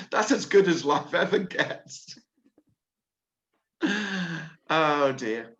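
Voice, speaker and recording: A man's voice: a little high, lively intonation, extremely slow, fairly bright tone, highs cut off. A man from England hosting a casual nonduality video call, candid, playful and laughing often. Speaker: host of a nonduality meeting.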